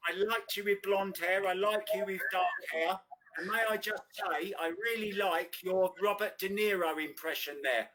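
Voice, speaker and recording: Male commentator, teasing and playful, high-pitched and bright. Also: moderate pace, low-quality recording. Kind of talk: live stream commentary.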